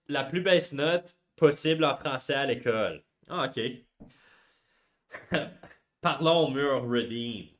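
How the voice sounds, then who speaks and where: A livestreaming artist from Quebec, Canada, speaks with a Québécois French accent in a mid-range, fairly bright voice. He chats casually and pokes fun at himself, switching between French and English.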